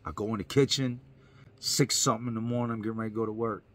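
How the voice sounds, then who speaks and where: A man's voice: fairly low pitch, steady tone, very fast, fairly bright tone. A man, a YouTuber, telling his own story in an earnest, emphatic way, repeating lines for effect. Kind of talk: personal storytelling to camera.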